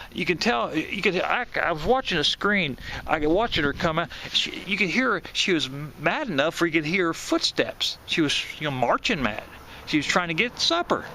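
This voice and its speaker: A man's voice: high-pitched, sharp tone, a little hiss or hum. A man in his fifties from southwest Ohio, casually telling a childhood memory, rambling with many restarts and repeated words. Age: 50s. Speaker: channel host recalling a storm. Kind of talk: casual spoken memoir.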